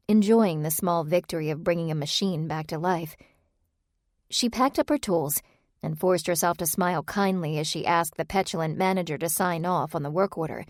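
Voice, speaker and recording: Reading a novel as an audiobook narrator, she keeps an even, measured storytelling pace at a fairly low pitch. The clean studio sound has no room sound.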